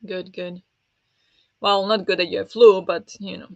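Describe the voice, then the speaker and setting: This readalong livestream host speaks at medium pitch and normal speed, with flat delivery and vocal fry. Chatty and friendly, she says "um" often and replies to viewers by name. The sound is dry and dull, from a lo-fi mic with no room sound.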